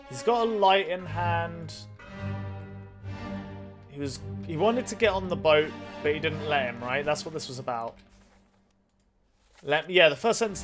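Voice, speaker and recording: A man commenting on a mystery game as he plays, thinking aloud and swearing freely. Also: on the high side. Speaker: let's play host. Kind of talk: gaming commentary.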